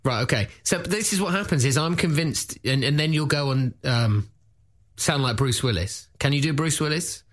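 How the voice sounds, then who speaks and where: A man's voice: on the high side, animated. A man co-hosting a comedy podcast, teasing his partner and plugging a gig in casual banter. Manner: playful, teasing, quick plugs.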